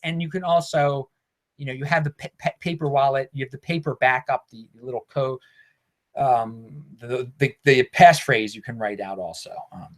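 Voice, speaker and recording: A man with a Baltimore accent hosting a casual vlog, rambling and excitable with frequent restarts. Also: fairly high pitch. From Baltimore, United States. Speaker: cryptocurrency video host.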